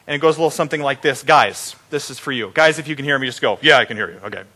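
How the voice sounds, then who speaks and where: A man's voice: medium pitch, racing, sharp tone. A middle-aged man preaching an Easter sermon as pastor, joking and playful with his congregation.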